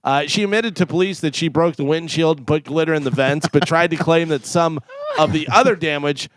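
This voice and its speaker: A man with a fairly high, smooth, clear voice co-hosts a radio show. He reads a story out briskly and chats in between. The studio mic is close and dry. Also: no echo. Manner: reads facts briskly with chuckles. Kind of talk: casual radio banter and reading a news item. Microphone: studio microphone.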